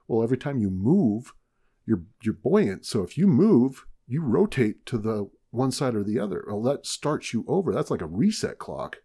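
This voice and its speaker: A man's voice: mid-range voice, very animated, normal speed, mellow, breathy edge. A man with a Southern US accent telling a long story in casual podcast chat, rambling and self-mocking. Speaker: podcast co-host.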